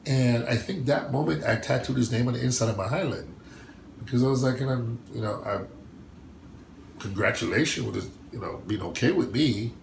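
A man being interviewed as a bodybuilder, telling stories in an animated way, acting out what others said with big jumps in pitch and frequent laughs. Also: a little fast, creaky, echoey room, slight background noise. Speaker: bodybuilder guest.

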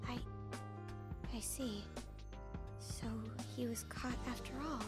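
A woman's voice: fairly high pitch, steady tone, slow, loud music behind the voice. An actress voicing a timid, unsure young woman in a video game. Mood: meek. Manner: hesitant, meek.

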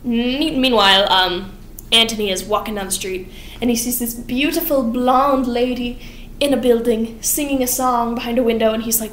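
Young woman, excited, rushed, rambling, fairly high voice, roomy echo, faint hiss. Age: young adult. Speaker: theater student vlogger. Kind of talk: fast plot recap vlog.

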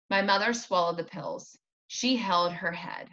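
A woman teacher reading a children's chapter book aloud with expressive storytelling. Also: lowish voice, unhurried. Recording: dull lo-fi recording.

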